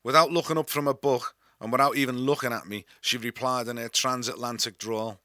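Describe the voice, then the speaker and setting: Bright-voiced Scouse man reading his memoir. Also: mid-range voice, steady tone, a little fast, hardly any pauses, dry recording. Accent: Liverpool (Scouse). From Liverpool, England. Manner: wry, dry-humoured storytelling. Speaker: author and narrator.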